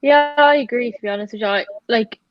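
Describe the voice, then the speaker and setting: A woman's voice: fairly high pitch, dry recording. Woman on a dull, lo-fi call. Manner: earnest, measured opinions with fillers. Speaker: guest. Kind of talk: casual football chat.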